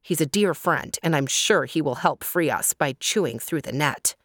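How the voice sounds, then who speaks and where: A woman voicing a brave male dove king in a children's story, speaking steady and reassuring. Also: low-pitched, normal speed, no echo, studio quality, pitched below the performer's own voice. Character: White Wing, brave male dove king, calm leader.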